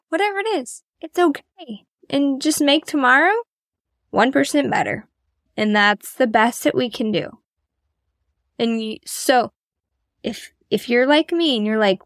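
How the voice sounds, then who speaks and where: A woman's voice: high voice, expressive, a little slow, dry recording, studio quality. A woman hosting a podcast, talking in a casual, encouraging and self-deprecating way as she motivates her listeners. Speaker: podcast host.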